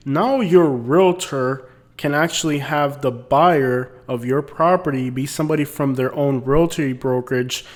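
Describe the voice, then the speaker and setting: A man hosting a comic advice video, talking in a casual, wry, rambling way. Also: medium pitch. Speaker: host.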